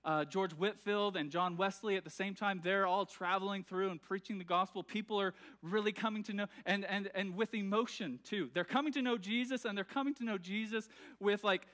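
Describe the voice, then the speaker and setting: A pastor preaches in a church with a notably high voice for a man. He talks loosely and conversationally, full of fillers and restarts, often checking that the congregation is following along. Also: brisk, few pauses, a bit bright. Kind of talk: sermon. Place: church sanctuary.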